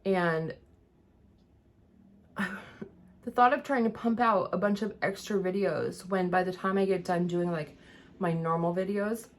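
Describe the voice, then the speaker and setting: Woman vlogging while doing her makeup, rambly and chatty, words a bit slurred, lowish voice. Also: measured pace, pauses often. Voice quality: rambling, many fillers and restarts. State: having trouble enunciating. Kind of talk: casual chat while getting ready.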